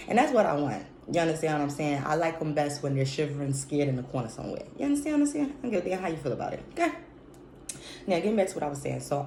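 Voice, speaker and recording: Low-voiced brash woman venting. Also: a little mellow. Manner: blunt, profane and brash. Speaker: podcast host. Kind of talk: unscripted venting monologue. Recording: roomy echo, faint background noise.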